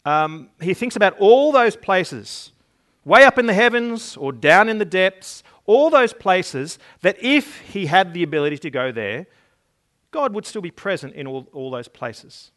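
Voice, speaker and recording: Earnest preacher man, fairly high voice. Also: very animated, measured pace, fairly bright tone. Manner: earnest, emphatic, repeats words when building a point; reads scripture and stories aloud. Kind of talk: sermon.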